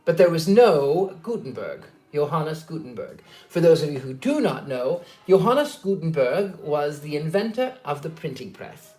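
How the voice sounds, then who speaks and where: A man's voice: fairly high pitch, sing-song, normal speed, few pauses, darkish tone, faint music behind. A man who hosts as a psychic, telling stories casually on a live stream in a chatty, digressive way with frequent fillers. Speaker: psychic medium host. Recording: roomy echo.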